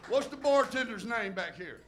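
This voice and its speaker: A man's voice: very high-pitched, expressive, normal speed, background noise. A middle-aged man from Alabama with a Southern accent, a stand-up comic on a club stage reciting bawdy, crude poems in a rambling way and laughing at his own lines.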